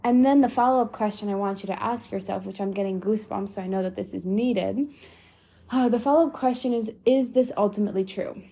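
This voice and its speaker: A woman's voice: mid-range voice, fairly quick, warm tone, breathy edge. A young adult woman hosting a motivational solo podcast, talking bluntly and swearing freely for emphasis. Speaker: podcast host.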